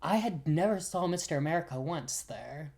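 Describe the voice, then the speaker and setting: A young woman with a low-pitched voice co-hosting a podcast. She chats casually, laughs easily, and breaks into gushing high-pitched bursts when she gets excited. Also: normal speed. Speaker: podcast co-host. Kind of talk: casual chat.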